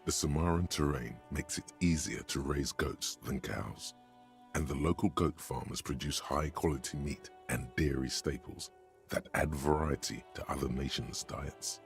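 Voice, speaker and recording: A grave game narrator with an extremely low, rumbling voice. He describes scenes in a measured, deliberate way, with game music clearly audible behind him. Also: heavily acted.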